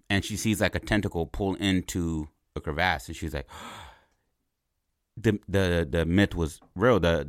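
A man with a deep, low voice spins out a movie idea as a loose, rambling story. He stumbles over words and keeps checking in with his listeners. The sound is dry and close, with no room echo. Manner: rambling and animated, repeats words, asks "right?". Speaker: podcast host pitching a movie idea. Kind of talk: casual storytelling.

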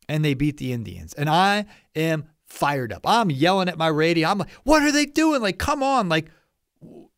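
Host, man, fairly high voice, dry close sound, earnest and animated motivational delivery. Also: no echo. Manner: earnest, animated storytelling with restarts. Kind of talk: motivational solo talk.

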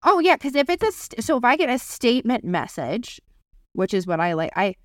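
Brief: woman co-host, middle pitch, loose rambling talk, hunts for words. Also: big pitch swings, fairly quick, no room sound, studio quality. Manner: rambling, searches for words, casual swearing. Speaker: podcast co-host. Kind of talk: casual chat.

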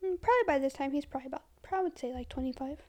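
A woman's voice: sits high, very fast. A young woman co-hosting a casual true crime podcast, chatty and reactive, chiming in with comments. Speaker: podcast co-host.

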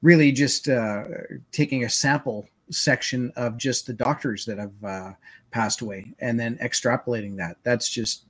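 A man's voice: medium pitch, fairly even intonation, moderate pace, slightly rough. Rambling male co-host, mid voice. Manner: rambling, many fillers. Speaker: podcast co-host. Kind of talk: casual chat.

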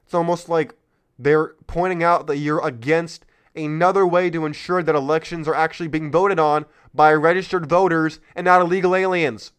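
A man's voice: on the high side, fairly even intonation, moderate pace, smooth. A man hosting a political commentary podcast, talking in a heated, sarcastic rant. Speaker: podcast host.

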